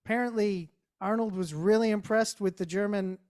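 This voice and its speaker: A man's voice: sits high, moderate pace, darkish tone. A man hosting an interview, chatting in an easygoing way with many fillers and restarts. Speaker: interview host. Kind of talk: casual interview chat.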